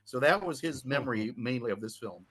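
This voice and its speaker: Man, film historian, animated storytelling, frequent fillers, medium pitch. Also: fairly quick, crowd noise. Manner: animated anecdote telling with many fillers. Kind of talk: podcast storytelling.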